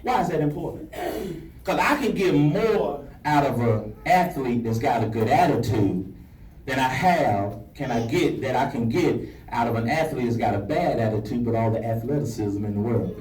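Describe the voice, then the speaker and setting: Male pastor and life coach, animated and playful, pulls the crowd in; recorded from a distance in a reverberant banquet hall. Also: mid-range voice, moderate pace. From Alabama. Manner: preacherly, playful, calls for audience shouts. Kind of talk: lively motivational speech to an audience. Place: large banquet hall with an audience. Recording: echoey hall, distant mic, audience noise.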